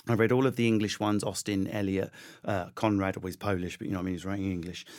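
Male comedian guest, low-pitched, rapid, animated storyteller. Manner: rapid, animated, self-deprecating, many restarts. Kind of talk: conversational interview storytelling.

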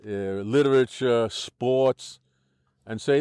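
An older American man talks through his views in an interview, firm and insistent, often breaking off and restarting his sentences. His voice is mid-pitched, and the sound is close and dry with no room in it. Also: expressive, normal speed, a little mellow, dry recording. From United States. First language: English. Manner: argumentative, explanatory, frequent restarts. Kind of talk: conversational interview.

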